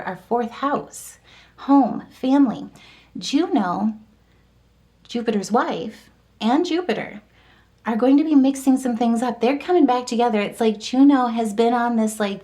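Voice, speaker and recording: A woman's voice: a little high, dark tone. A woman giving a casual, upbeat horoscope reading, chatty and encouraging, running through long lists of keywords. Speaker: tarot and astrology reader.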